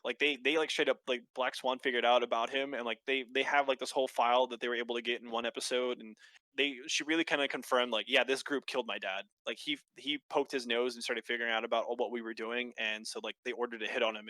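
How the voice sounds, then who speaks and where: In a casual podcast chat, a man co-hosting rattles through a recap of a show, animated and fast, heavy on fillers and swearing. His voice is mid-range with no echo.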